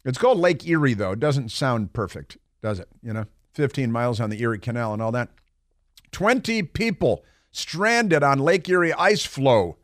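A man's voice: mid-range voice, normal speed, no echo, clean studio sound. Sarcastic male talk radio host. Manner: sarcastic, mocking, animated storytelling. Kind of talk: conservative talk radio monologue. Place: radio studio. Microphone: studio microphone.

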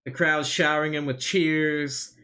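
A man's voice: fairly high pitch, fairly even intonation, unhurried, sharp tone. A man co-hosting a podcast, chatting casually about wrestling in a rambling, hesitant way with lots of fillers. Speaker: podcast co-host. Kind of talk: casual wrestling recap chat.

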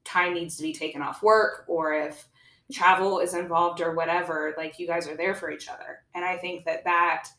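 Lady podcast host, earnest and thoughtful, kinda low voice, roomy echo. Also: steady tone, moderate pace, sharp tone. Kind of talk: interview conversation.

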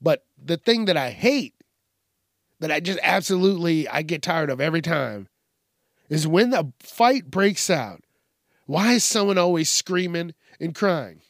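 Male podcast host, early-morning rasp, profane and animated solo rant, dry close mic. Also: a little slow, no echo. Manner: profane, animated, mimics people in high yelps.

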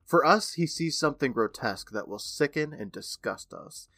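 A man's voice: on the high side, lively intonation, normal speed, pushed and bright, dry recording, studio quality. A man in his thirties co-hosting a podcast, eagerly retelling an episode in casual chat and laughing often. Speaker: podcast co-host.

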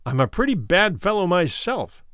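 A man's voice: high voice, very animated, moderate pace, a bit bright, dry recording, clean studio sound. A man voicing a coarse, domineering small stranger who mocks and bullies his companion in a spoken story. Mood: taunting. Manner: mocking, bullying taunts.

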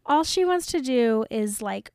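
A woman's voice: fairly high pitch, clean tone, no echo, studio quality. A woman co-hosting a podcast, chatting about a book and reacting with strong opinions. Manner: expressive, quick to react. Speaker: podcast co-host. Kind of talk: casual book chat.

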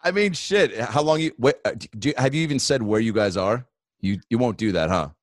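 A man's voice: mid-range voice, expressive, brisk, no echo, clean studio sound. A man talking as a guest on a podcast in laid-back casual chat, laughing easily and calling people man and dude. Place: remote video call.

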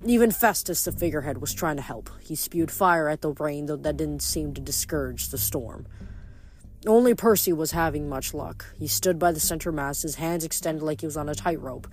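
A person reading a novel aloud after a short recap, in a steady, plain delivery with the odd self-correction. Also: mid-range voice, fairly quick. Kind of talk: fan audiobook reading with recap.

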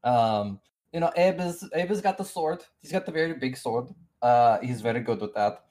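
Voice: medium pitch, animated, mellow, close to an everyday voice. A game master putting on a clipped, earnest adventurer. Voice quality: put-on accent, clipped broken phrasing. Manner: halting, formal and earnest. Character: male adventurer planning a wyvern hunt.

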